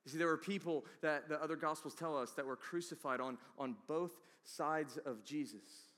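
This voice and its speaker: Pastor guy preaching, kinda high voice, goes from whisper quiet to loud and punchy, long echo from the big hall. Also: moderate pace. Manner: dramatic swings from hushed whispers to loud emphatic peaks. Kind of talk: sermon.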